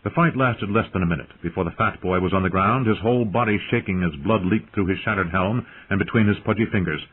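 A man giving measured scripted narration of an audiobook, heard through tinny phone-like audio. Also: sits low, slight background noise.

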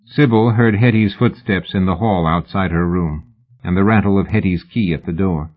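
A man reading a novel aloud in a measured, even audiobook narration. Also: sits low. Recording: phone-like narrow band.

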